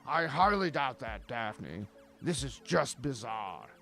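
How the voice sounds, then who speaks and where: A man's voice: medium pitch, sing-song, slow pace, bright, forceful tone, soft background music, exaggerated voice. A man voicing a pompous, fussy middle-aged male psychiatrist in a comedic script reading, speaking theatrically. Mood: baffled. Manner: indignant, theatrical, clears throat.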